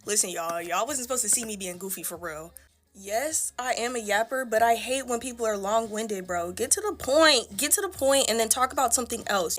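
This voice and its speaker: A young beauty vlogger speaks bluntly during a laid-back get-ready-with-me chat, her slightly high voice bright and forceful. She moves easily between wry asides and loud, animated outbursts, with faint music in the background.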